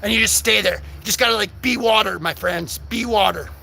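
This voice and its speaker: A man's voice: high-pitched, brisk, vocal fry, slight background noise. A young man hosting a live stream, chatting goofily with viewers and rambling between silly bits. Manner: silly, rambling, breaks into loud singing. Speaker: livestream host. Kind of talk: goofy live chat with viewers, bursts of singing.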